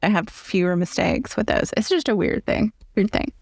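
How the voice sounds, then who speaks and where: Southern lady hosting a chatty podcast, kinda gravelly voice, thinks out loud. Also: medium pitch, normal speed, no echo, clean studio sound. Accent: Southern American. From American South. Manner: chatty, thinks aloud with restarts. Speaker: podcast host. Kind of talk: casual interview chat.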